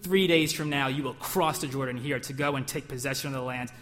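A man's voice: medium pitch, steady tone, a little fast, fairly bright tone. Emphatic male preacher in a reverberant hall. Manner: emphatic, call-and-response questions, acts out whispered lies. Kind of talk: sermon. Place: church hall.

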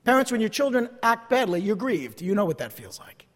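A pastor delivers a sermon with emphatic force, repeating key phrases and shifting from loud declarations to hushed asides. His high, sing-song voice moves a little fast, and the recording has a long hall reverb.

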